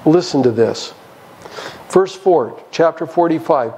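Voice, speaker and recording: A man's voice: a little high, big pitch swings, unhurried, mellow, lo-fi sound. A man preaching a Bible study sermon in a church, emphatic and chuckling as he goes.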